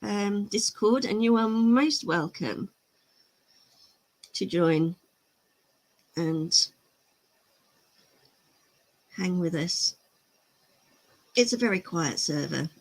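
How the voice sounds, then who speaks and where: Unhurried chatty woman streamer. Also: fairly low pitch, lively intonation. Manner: chatty, laughs easily, answers chat comments. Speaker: miniature-painting livestream host. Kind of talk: casual live-stream chat.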